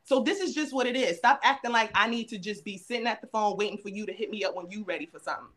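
A woman co-hosting a podcast who speaks. She talks bluntly and curses freely, pressing her point in relaxed chat, at an ordinary middle pitch. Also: quick pace. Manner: blunt, profane, emphatic. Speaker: podcast co-host. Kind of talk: casual chat.

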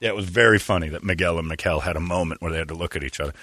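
A man's voice: deep voice, rapid-fire, bright, forceful tone, dry recording, studio quality. A man hosting a casual morning radio show, telling rambling, self-deprecating stories and mimicking the people in them.

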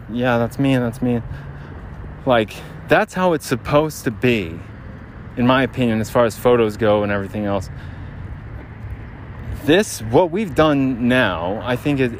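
A man hosting a podcast, talking casually and rambling while out of breath on a brisk walk outdoors in a city. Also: fairly low pitch. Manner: rambling, with many restarts. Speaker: podcast host. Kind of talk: casual walking monologue. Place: outdoors on a city street, near a generator. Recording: faint outdoor street noise. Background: street and traffic noise.

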